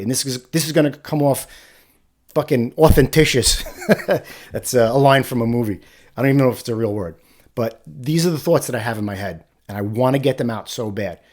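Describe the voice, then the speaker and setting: Blunt, profane middle-aged man. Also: mid-range voice. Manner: blunt, profane, animated storytelling. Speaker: podcast host, firefighter. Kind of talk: casual monologue.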